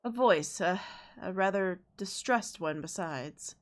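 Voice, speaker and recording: A woman with a sore throat reading aloud the lines of a calm, confident male dark knight mentor from a game, in a measured, wry way. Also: lowish voice. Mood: earnest.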